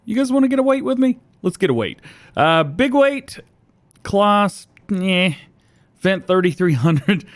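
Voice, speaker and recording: Casting note: lively, talkative male gamer, fairly high voice, casual self-joking commentary, slightly out of breath. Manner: chatty, self-joking, laughs often. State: a little out of breath, early morning. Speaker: gaming YouTuber. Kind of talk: casual let's-play commentary.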